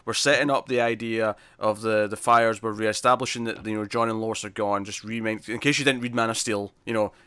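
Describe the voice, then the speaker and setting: A man's voice: lowish voice, fairly even intonation, fairly quick, few pauses, bright, forceful tone, smooth, no room sound. A man with a British accent co-hosting a casual comic book review podcast, enthusiastic and quoting characters' lines as he talks. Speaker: podcast co-host.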